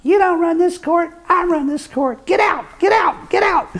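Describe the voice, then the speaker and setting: Older man doing cranky old judge, shrill scolding outbursts, voice jumps way up high, loud. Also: very animated, slow, vocal fry, heavily acted. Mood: furious. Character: irascible old male trial judge, bellowing.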